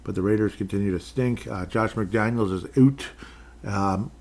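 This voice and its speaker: A man's voice: lowish voice, normal speed, darkish tone. A man hosting a casual sports podcast, running through game stats with rambling, jokey asides. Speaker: podcast host.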